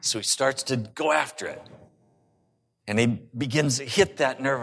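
A man's voice: mid-range voice, moderate pace, long pauses, a bit bright, big-room sound. A male pastor preaching a sermon and telling stories with humor. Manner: storytelling with humor.

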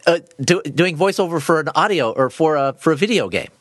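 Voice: mid-range voice, lively intonation, a little fast, dry recording, studio quality. A podcast host in a casual interview, asking curious, conversational questions.

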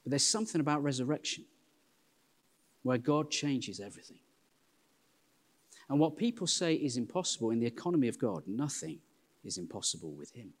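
An English man in his forties preaching a sermon in a church, telling self-deprecating stories in a lively way. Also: mid-range voice, fairly quick, pauses often. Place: church hall. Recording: long hall reverb.

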